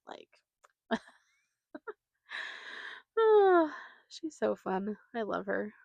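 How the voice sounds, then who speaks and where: A young podcast host with a slightly high, animated, creaky voice talks a little slowly, leaving long pauses. She chats casually alone with many fillers and giggles, and there's no room sound.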